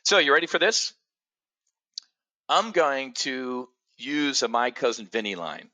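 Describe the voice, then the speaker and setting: A middle-aged man with a bright, forceful voice hosts a live market show. He talks bluntly and emphatically, swears freely, and answers viewers by name. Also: medium pitch, very animated, unhurried. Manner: addresses viewers directly by name. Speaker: trading show host.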